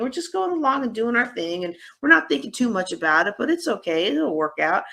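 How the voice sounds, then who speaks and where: A woman speaks to a live conference audience, her voice sitting a little high. She coaches in a lively, teasing way and leans into sarcasm to make her points. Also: normal speed, gravelly. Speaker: host and workshop speaker. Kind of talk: live conference workshop talk. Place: conference room.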